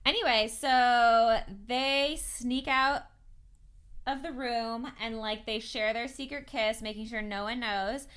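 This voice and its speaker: A woman co-hosts a casual book podcast with a slightly high, very bright and forward voice. She retells scenes in a chatty way, full of "like" and little acted-out quotes. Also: steady tone, takes it slowly, clear, resonant tone. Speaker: podcast co-host.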